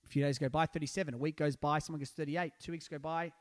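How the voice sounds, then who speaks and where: A middle-aged man telling a dramatic anecdote in a lively, theatrical way, jumping up in pitch to act out the people in it. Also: fast, big-room sound. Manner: dramatic storyteller, acts out quoted people with big pitch jumps. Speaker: storyteller guest.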